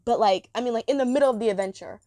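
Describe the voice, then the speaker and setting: A woman's voice: fairly high pitch, rapid-fire, warm tone, no echo. A woman reviewing a cartoon episode in a chatty, rambling monologue, gushing about the characters.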